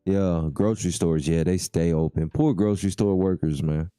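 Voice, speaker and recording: Low, mellow-voiced livestream host. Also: male voice, steady tone, normal speed, clear, resonant tone, dry recording, clean studio sound. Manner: laid-back, reads chat comments aloud. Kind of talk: casual livestream chat.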